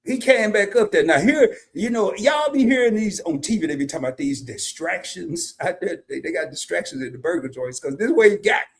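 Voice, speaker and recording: A man's voice: high-pitched, animated, fairly quick, gravelly, few pauses. A man, telling a casual story on his live stream and greeting chatters by name.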